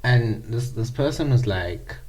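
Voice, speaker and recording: A young man co-hosting a podcast, in casual chat, thinking aloud with halting restarts. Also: medium pitch, expressive, darkish tone. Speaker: podcast co-host.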